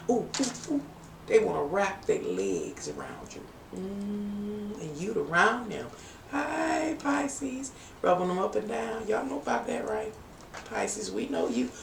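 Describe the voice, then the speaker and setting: A woman's voice: on the low side, vocal fry. A middle-aged woman, giving a playful, bawdy live-stream tarot reading and bantering with her viewers. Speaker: tarot reader. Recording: roomy, distant home mic with faint background hum.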